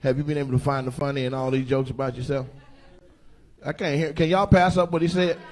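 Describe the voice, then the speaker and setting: A man doing stand-up comedy and crowd work on a club stage, loud and animated, swinging between shouts and mutters, recorded live with a stage mic. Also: medium pitch, fast talker.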